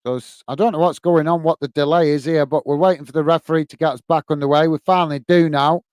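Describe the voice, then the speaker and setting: A man from England hosting a fan watch-along, giving excited live match commentary and reading out chat comments. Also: fairly high pitch, fast, no echo.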